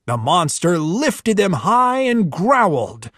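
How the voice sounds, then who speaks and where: A man reading a children's storybook aloud as a storyteller, in a very expressive, swooping voice. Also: fairly high pitch, slow pace, dry recording, studio quality.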